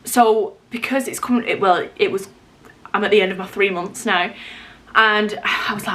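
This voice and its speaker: A young woman from England talks to camera in a casual home vlog, her voice sitting a little high for a woman. She chats in a confiding, rambling way, full of fillers and quick self-corrections. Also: fairly bright tone. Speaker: vlogger. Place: home, in the middle of moving house.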